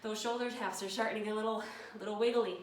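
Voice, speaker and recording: A woman's voice: mid-range voice, steady tone, quick pace. A woman leading a workout video, out of breath and panting as she gives encouraging countdowns. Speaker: fitness instructor. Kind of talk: workout coaching. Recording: echoey room from far off, noisy.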